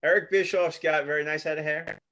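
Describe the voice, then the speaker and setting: A man from the United States co-hosting a casual podcast, talking fast and laughing a lot. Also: on the high side, fairly even intonation, bright, forceful tone. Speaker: podcast co-host.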